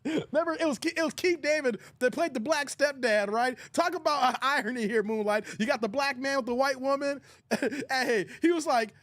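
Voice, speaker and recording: A man's voice: very high voice, fairly quick, no room sound. A man hosting a casual live stream, laughing often, thanking viewers and quoting movie lines. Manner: laughs often, shouts out chat donors, quotes movie lines.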